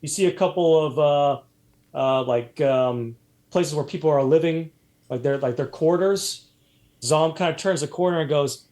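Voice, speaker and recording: A man's voice: a little high, normal speed, mellow. A man running a tabletop role-playing game as game master, narrating loosely with many fillers and restarts.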